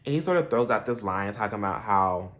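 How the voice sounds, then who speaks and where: Lively young man recapping a TV episode. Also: on the low side, a little fast. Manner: animated, laughing, acts out characters' lines. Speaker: TV episode reviewer. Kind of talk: casual recap commentary.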